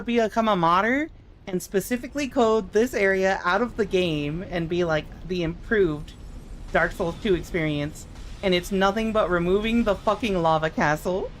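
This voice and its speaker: A young adult woman streaming a game, chatting casually with her chat and swearing in expressive outbursts. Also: medium pitch, moderate pace, slight background noise.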